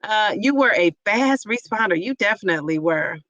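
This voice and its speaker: A woman's voice: medium pitch, animated, moderate pace, a bit bright, no room sound, highs cut off. A woman hosting a casual livestream, chatty and effusive as she cheers on her viewers and answers their comments. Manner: chatty, rambling with fillers. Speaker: livestream host reading viewer chat. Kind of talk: casual live chat.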